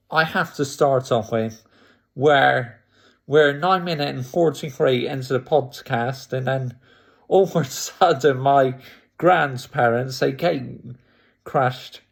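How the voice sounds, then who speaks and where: Man, YouTuber, casual storytelling, unhurried, gravelly. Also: medium pitch. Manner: chatty, laughs often while retelling.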